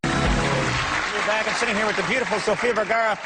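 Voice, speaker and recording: A man hosting a talk show, interviewing a guest with playful jokes and quick asides. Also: sits high, loud music behind the voice, over a noisy crowd. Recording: studio audience and room noise.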